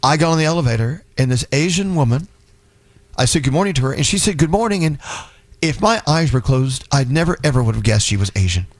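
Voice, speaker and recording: A man's voice: fairly high pitch, quick pace, no echo. A man hosting a morning radio show, telling stories and laughing through casual banter. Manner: laughing, lively storytelling.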